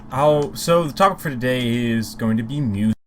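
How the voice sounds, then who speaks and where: A man's voice: mid-range voice, fairly quick. A man co-hosting a casual podcast live stream, talking in an easygoing way and thinking aloud. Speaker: podcast co-host.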